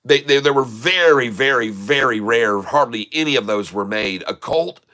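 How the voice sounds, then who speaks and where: Bright-voiced man telling rambling stories. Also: medium pitch, lively intonation, moderate pace. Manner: rambling anecdotes with laughs and quoted dialogue. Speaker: trading channel host. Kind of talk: casual storytelling.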